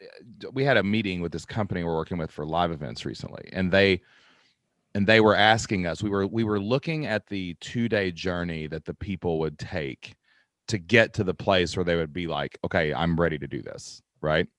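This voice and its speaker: A man from Kentucky hosting a podcast, chatty and quick to laugh, full of "like" and "right?". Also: deep voice, fairly bright tone, dry recording, studio quality. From Kentucky, USA. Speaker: podcast host. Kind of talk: podcast interview.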